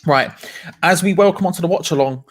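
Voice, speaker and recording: A man hosting a live football watch-along, chatting casually and greeting viewers by name. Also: fairly high pitch. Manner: chatty, reads out viewer names, quick asides. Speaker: host.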